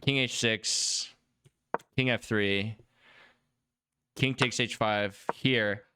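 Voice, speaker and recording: A man streaming a chess game review, excitable and quick to exclaim and laugh as he talks to his viewers. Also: fairly low pitch, smooth, no room sound, studio quality.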